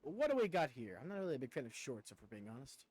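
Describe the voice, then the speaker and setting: A man's voice: mid-range voice, big pitch swings, fast talker, darkish tone, dry recording. Rambling, stammering male game streamer. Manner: rambling, stammering, self-mocking. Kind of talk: casual gameplay commentary.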